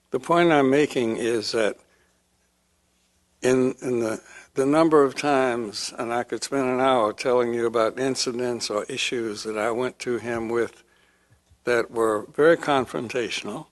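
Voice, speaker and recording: An older man speaks at a panel discussion in a performing arts center, recalling past dealings in a calm, measured storytelling voice. He pauses to clear his throat now and then, and his pitch sits in an ordinary middle range. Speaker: panel guest. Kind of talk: panel reminiscence.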